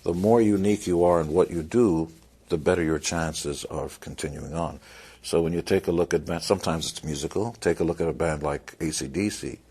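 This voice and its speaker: Deep husky man giving blunt advice. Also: brisk, dark tone. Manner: blunt, wry, with dry humor. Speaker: interviewee. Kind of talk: motivational interview talk.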